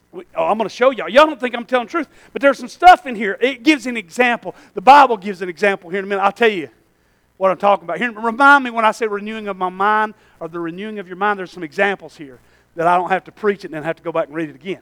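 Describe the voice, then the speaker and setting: A male pastor, preaching a sermon, swinging between loud shouting and low asides to the congregation. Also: animated, fast, no room sound.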